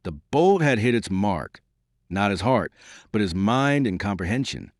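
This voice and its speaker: Guy reading an old novel aloud, low voice but really animated, dry close sound. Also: measured pace, dry recording. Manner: lively dramatic reading, raising pitch for quoted speech. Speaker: audiobook narrator. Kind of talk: scripted narration.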